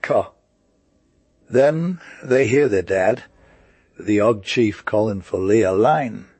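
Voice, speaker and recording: A man's voice: fairly low pitch, slow pace, darkish tone, husky, no echo. A man narrating a classic story in casual, slang-heavy modern words.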